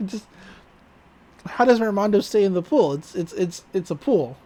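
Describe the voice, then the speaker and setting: A woman's voice: mid-range voice, animated, measured pace, warm tone. A woman co-hosting a podcast, giving a chatty, casual recap with laughs and fillers. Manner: chatty, giggly, with frequent fillers. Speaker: podcast co-host.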